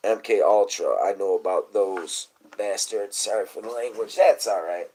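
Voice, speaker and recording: Rambling, profane man, low voice. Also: moderate pace, breathy edge, rough recording. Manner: rambling, profane, conspiratorial, mumbles off into quiet asides. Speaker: livestream host. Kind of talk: rambling casual livestream talk.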